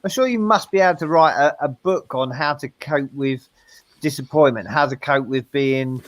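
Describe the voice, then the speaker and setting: A man with a South East London accent, co-hosting a podcast and asking relaxed, chatty questions. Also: mid-range voice, moderate pace, no echo. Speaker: podcast co-host. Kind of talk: casual chat.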